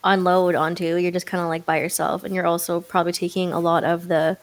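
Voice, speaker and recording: A woman's voice: on the low side, flat delivery, quick pace. Supportive woman co-host in casual chat. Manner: supportive, finishes the other's thoughts. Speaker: podcast co-host.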